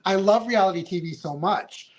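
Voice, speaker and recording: A man in his fifties with a high-pitched voice, guesting on a casual podcast. He rambles through his stories in a heartfelt way, full of fillers and restarts. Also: moderate pace. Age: 50s. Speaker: reality show contestant guest.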